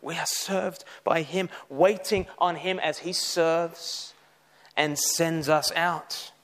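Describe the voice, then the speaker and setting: A man preaching a sermon, animated, with mocking asides. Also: a little high, slow.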